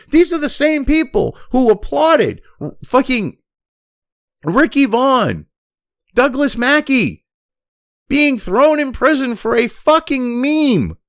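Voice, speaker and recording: Angry foul-mouthed guy reading headlines and tearing into them, kinda high voice, dry room. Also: fairly bright tone, no room sound. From United States. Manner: angry, crude, mocking, reads news then rants. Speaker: political commentary host. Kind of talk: profane rant over read-aloud news.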